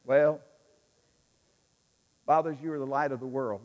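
Delivering a sermon in a large hall with long reverb, a pastor speaks in a medium-pitched, darkish voice with fairly even intonation, normal speed, and long pauses. He is emphatic and repetitive, guiding the audience to repeat lines back.

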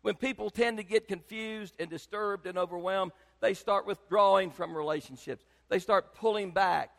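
An older man, preaching a sermon as pastor, emphatic and swinging between loud and soft. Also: sits high, normal speed, creaky, long reverb tail.

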